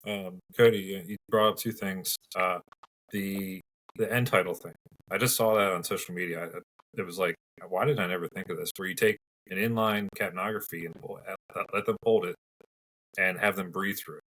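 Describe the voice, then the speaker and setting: A man's voice: low voice, steady tone, normal speed, fairly bright tone, rough recording. A man hosting a medical podcast, telling field stories in a conversational, practical way. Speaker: podcast host and paramedic. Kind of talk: casual podcast discussion.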